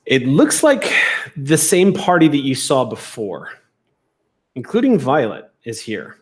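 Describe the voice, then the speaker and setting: A man's voice: mid-range voice, huge pitch swings, unhurried. A man narrating a tabletop role-play as game master, setting scenes in vivid, cinematic detail.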